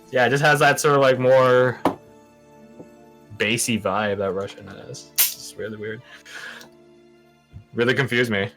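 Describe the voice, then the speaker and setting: A man chatting casually with his tabletop role-play group, animated and laughing often, with casual swearing. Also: medium pitch, moderate pace, pauses often, over music, low-quality recording. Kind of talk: casual chat.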